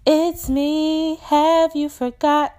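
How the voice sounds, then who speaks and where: A woman's voice: high-pitched, flat delivery, very slow, dark tone, pitched above the performer's own voice. A woman voicing a desperate, tired woman from the past who pleads and accuses in a strained, crying voice in a spoken word poem. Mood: pleading. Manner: repetitive, pleading, emotional.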